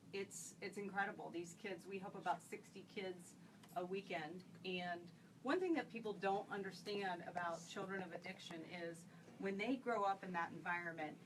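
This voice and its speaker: A woman who runs a horse program for children of addicts, talking earnestly with many fillers and restarts in an interview. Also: lowish voice. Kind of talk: interview storytelling. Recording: distant mic with faint background noise.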